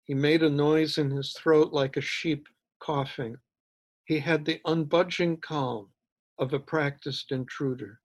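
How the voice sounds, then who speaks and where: A male author reading his own short story aloud in a measured, even way. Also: on the high side.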